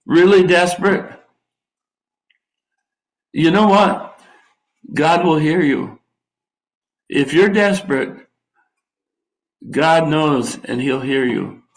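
The sermon comes from an older man with a higher voice who takes it slowly and pauses often. He reads Bible passages and drifts into folksy, wry asides in a drawl, all captured on low-quality audio.

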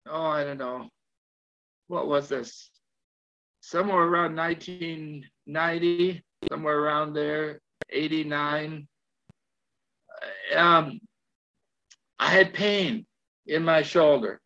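Gravelly older man preaching a sermon. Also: fairly high pitch, a bit bright. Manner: storytelling, repeats phrases, asks the room questions. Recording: slightly dull lo-fi recording.

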